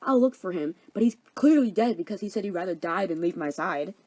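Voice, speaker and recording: A woman's voice: fairly low pitch, expressive, brisk, a little mellow. A woman voicing Hermia, a sassy, fed-up young woman with a snappy manner.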